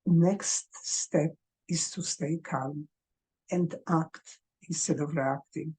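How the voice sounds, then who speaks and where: A woman coaching parents in a gentle, earnest advice talk, speaking English as a second language. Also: deep voice, fairly even intonation, takes it slowly, slightly rough.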